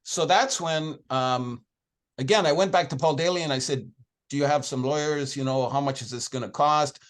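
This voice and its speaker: A man's voice: a little high, moderate pace. A man answering in an interview, telling his story in a chatty, anecdotal way and acting out the conversations he had. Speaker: founder of an organization, interview guest.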